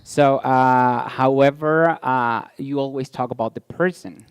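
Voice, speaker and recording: A man's voice: mid-range voice, fairly even intonation, measured pace, smooth, no echo, clean studio sound. Hesitant male panel moderator. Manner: hesitant, many fillers. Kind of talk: hosting a panel. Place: event stage.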